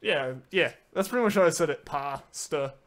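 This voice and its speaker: A man's voice: sits high, lively intonation, quick pace, a bit bright. A man streaming a game, chatting casually and answering viewer messages, often using filler words and restarting his sentences. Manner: filler-heavy, many "like"s and restarts. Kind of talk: casual live-stream chat.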